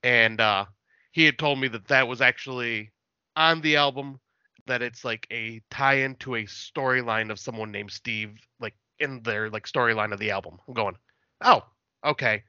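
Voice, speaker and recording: Laid-back man telling stories, bright, dry and slightly muffled. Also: medium pitch, moderate pace, clean tone, no room sound. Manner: laid-back, swearing, laughing storyteller. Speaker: podcast guest. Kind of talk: casual podcast chat.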